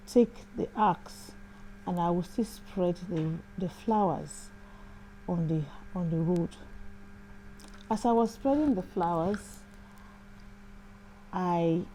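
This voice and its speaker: A woman's voice: lowish voice, dark tone, a little hiss or hum, low-quality recording. Woman telling a testimony. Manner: reflective, repeats phrases. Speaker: host. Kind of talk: personal testimony storytelling.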